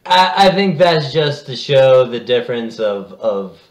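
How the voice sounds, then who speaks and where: A man co-hosting a casual chat, rambling in a relaxed way and swearing casually. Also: mid-range voice, a little slow. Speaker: podcast co-host. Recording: echoey room.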